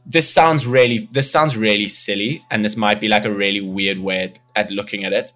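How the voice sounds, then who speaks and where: A young man, a musician guest in a casual interview, telling an animated story and acting out what people said. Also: fairly low pitch, normal speed. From South Africa. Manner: animated storyteller, acts out quoted dialogue.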